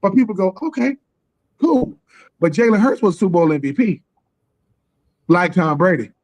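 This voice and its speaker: A man holds forth on a live sports talk stream, voice pitched high for a man. He talks loose and slangy and keeps slipping into little acted-out bits of other people's lines. The feel is a casual co-host rant. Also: expressive, brisk, darkish tone. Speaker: podcast co-host. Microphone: live stream call.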